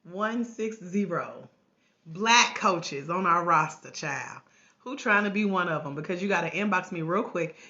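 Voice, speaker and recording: A woman hosting a casual livestream from home, hoarse with a cracking voice, chatting and greeting viewers by name through a tablet mic. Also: fairly low pitch, animated, measured pace, pushed and bright. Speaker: life coach trainer hosting a livestream. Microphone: tablet microphone. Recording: grainy lo-fi livestream audio.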